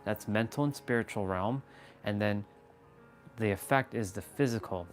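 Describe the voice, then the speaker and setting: A man's voice: lowish voice, moderate pace, soft background music. A man on a motivational livestream, talking with emphatic repetition, playful mock-scolding asides and casual swearing. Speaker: motivational live streamer.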